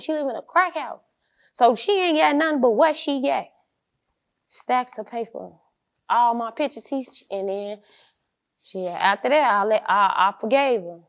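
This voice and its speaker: Gravelly young woman telling her story. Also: on the high side, dull audio. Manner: blunt street slang, lively quoted voices. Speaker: interview guest. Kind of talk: casual storytelling interview.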